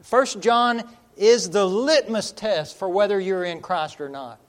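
A man preaching a sermon, emphatic, swinging from loud declarations to hushed lines and slowing on key words. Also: high voice.

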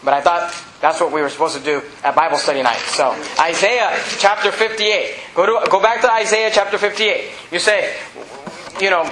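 High, bright-voiced preacher shouting emphatically. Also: male voice. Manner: emphatic, often raising his voice. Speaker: pastor. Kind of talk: Bible study sermon. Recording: echoey room, faint background noise.

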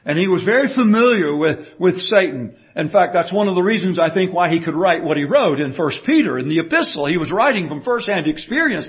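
Male preacher, high-pitched and animated, emphatic delivery, muffled recording. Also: a little fast, hardly any pauses. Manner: emphatic, dramatic quoting with wide swings of pitch. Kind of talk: sermon. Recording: dull lo-fi recording.

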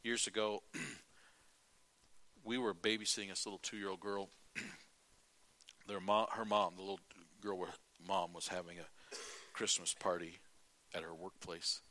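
A middle-aged male preacher giving a sermon, telling folksy stories, acting out quotes and often clearing his throat. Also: deep voice, steady tone, a little slow, sharp tone, a little hiss or hum.

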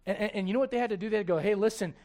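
A middle-aged man preaching with a high, lifted voice. He swings from hushed asides to loud, animated quoted voices and chuckles at his own jokes. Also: very fast. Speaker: pastor. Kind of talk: sermon.

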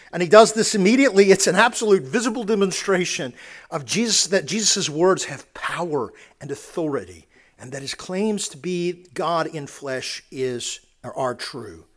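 A man's voice: high voice, expressive, normal speed. A man preaching a sermon, earnest, often repeating words and restarting phrases as he builds a point.

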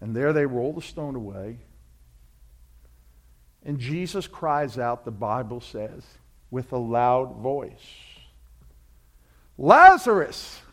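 A man preaching a sermon, telling a story and acting out voices, building from quiet asides to loud fervent climaxes. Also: mid-range voice, slow, pauses often. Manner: storytelling preacher, acts out voices, swells to shouts. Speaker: pastor.

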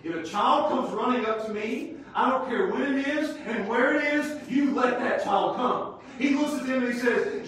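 High-voiced preacher man in echoey church. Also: moderate pace, few pauses. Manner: emphatic, swings between shouting and quiet teaching. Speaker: pastor. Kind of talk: sermon. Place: church sanctuary. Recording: echoey church hall from far off.

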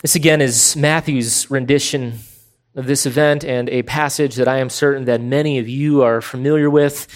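Emphatic male preacher, deliberate delivery. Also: mid-range voice, steady tone. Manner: emphatic, deliberate, slows for stressed words. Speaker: pastor. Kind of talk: expository sermon.

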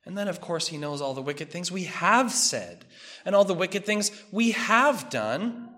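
A man preaching a sermon, measured and emphatic, building through repeated phrases. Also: high-pitched, expressive, pushed and bright.

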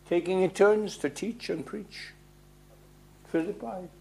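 Slow, emphatic male preacher. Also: high voice, fairly even intonation, creaky, slight background noise. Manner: emphatic, rhetorical questions, swings between loud and hushed. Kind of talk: sermon.

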